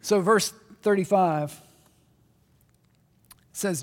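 A man preaching a sermon in a conversational way, shifting between loud emphatic asides and quiet reflection. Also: on the high side, lively intonation, moderate pace. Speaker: pastor. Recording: long hall reverb.

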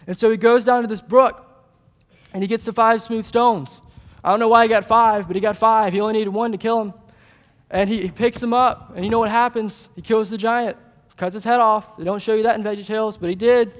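A man preaching a sermon, retelling a Bible story in lively casual paraphrase and voicing its characters. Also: sits high, fairly quick. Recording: long hall reverb.

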